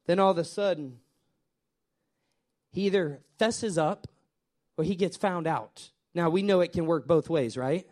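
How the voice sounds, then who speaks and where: A male pastor delivers a sermon in a fairly high voice. He talks straight to his congregation, repeating phrases and swelling to emphatic peaks before dropping back down. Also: unhurried, pauses often. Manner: animated, repetitive preaching that swells and drops; addresses the congregation directly.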